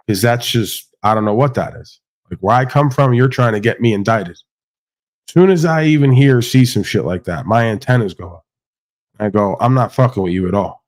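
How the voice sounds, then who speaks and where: A man's voice: medium pitch, a little mellow. A man hosting a livestream panel, ranting bluntly with lots of swearing and acting out quoted exchanges. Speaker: podcast host. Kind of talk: casual livestream rant.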